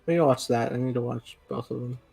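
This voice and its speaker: A man's voice: mid-range voice, fast, vocal fry, a little mellow, breathy edge, faint music behind. A man hosting a podcast in casual chat, laid-back and jokey, swearing freely. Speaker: podcast host.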